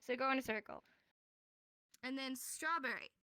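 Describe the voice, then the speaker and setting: A woman with a high, bright voice leads a relaxed class and walks her students through each step. She is upbeat and quick to joke. The sound is close and dry, with no room around it. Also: smooth, dry recording. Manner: upbeat, joking, explains step by step. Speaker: sign language teacher. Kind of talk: casual online class instruction.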